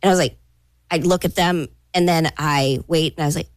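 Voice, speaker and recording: A woman's voice: sits low, brisk, no room sound. A middle-aged woman telling a story in casual chat, acting out quotes and sound effects and laughing at herself. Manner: animated storyteller, acts out quotes and door sounds; self-mocking, laughs through her story. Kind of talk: casual chat among friends.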